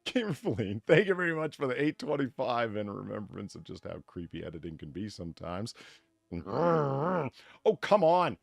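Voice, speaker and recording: This is a congested man with a blocked nose, chatting on a stream in a rough, gravelly low voice. He swings his pitch around a lot and sounds sarcastic and crude. The sound is close and dry, with almost no room. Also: normal speed, dry recording. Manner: profane, sarcastic, animated. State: stuffed-up nose. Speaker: podcast co-host. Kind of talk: casual chat.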